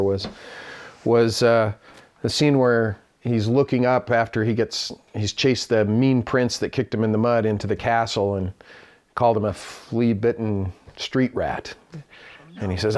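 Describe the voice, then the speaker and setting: A middle-aged man, an animator, telling lively stories from his career in an interview and acting out his own past dialogue. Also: medium pitch. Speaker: Disney animator, interview guest. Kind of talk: storytelling in an interview.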